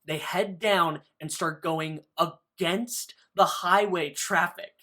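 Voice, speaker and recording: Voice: mid-range voice, steady tone, slow pace, sharp tone. A podcast co-host recapping a book in casual chat, loose and profane, full of "like" fillers.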